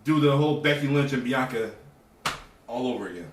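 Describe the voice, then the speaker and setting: A man's voice: mid-range voice, animated, brisk. A man co-hosting a podcast, blunt and slangy in casual chat. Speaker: podcast co-host. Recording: echoey room, distant mic, faint noise.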